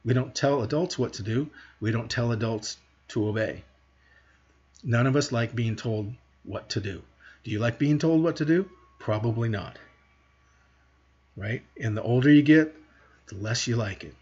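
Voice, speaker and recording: A man with a husky, slightly breathy voice teaches parents in an earnest monologue. He talks straight to them and poses rhetorical questions. The recording sounds dull and lo-fi. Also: medium pitch, normal speed, a little mellow. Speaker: parenting educator.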